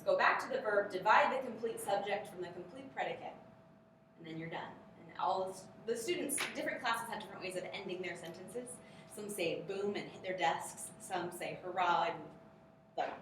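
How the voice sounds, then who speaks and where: A woman trains teachers in a workshop lesson, upbeat as she drills rhythmic grammar chants. Her voice is medium-pitched with a little hiss or hum. The room is very echoey and the mic sits far away.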